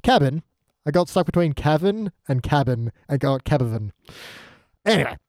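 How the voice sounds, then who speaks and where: A man chatting casually about a TV episode, playful and quick to slip into mock voices. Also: fairly high pitch, expressive, darkish tone, no echo, clean studio sound. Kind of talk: casual chat.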